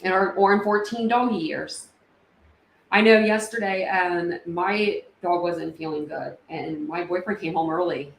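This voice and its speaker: A woman's voice: fairly low pitch, unhurried, creaky. A woman hosting a casual livestream, chatting and reading viewer comments with lots of fillers and open feeling. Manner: chatty, emotional, many fillers. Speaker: livestream host. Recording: echoey room with faint ambient noise.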